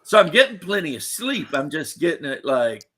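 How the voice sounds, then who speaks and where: Bright-voiced man rambling casually. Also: on the high side, big pitch swings, moderate pace. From United States. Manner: rambling, profane, joking. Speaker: livestream host. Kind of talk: casual chat.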